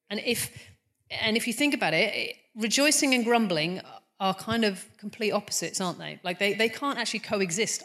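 A woman's voice: medium pitch, a bit bright. A middle-aged woman preaching a sermon in an earnest, conversational way, often restarting her sentences and poking fun at herself. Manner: conversational, earnest, self-deprecating, frequent restarts.

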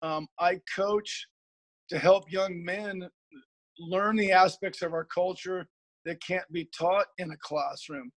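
A middle-aged man from Oregon, a high school football coach, telling stories as a guest in a rambling, earnest way with many repeated words. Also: fairly even intonation, slow pace, no room sound. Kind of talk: guest storytelling on a podcast.

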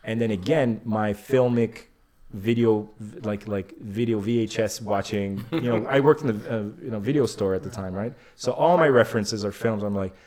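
A man telling a story in casual chat, animated, swearing a lot and acting out the people in it. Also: on the low side, moderate pace, a crowd in the background. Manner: animated, swears a lot, acts out the voices in his stories. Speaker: podcast guest.

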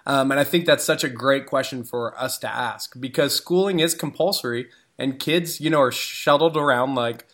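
A man co-hosting a podcast, a higher-ed educator and former teacher, talking in a reflective, thinking-aloud way. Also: normal speed, few pauses, a bit bright. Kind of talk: casual podcast chat.

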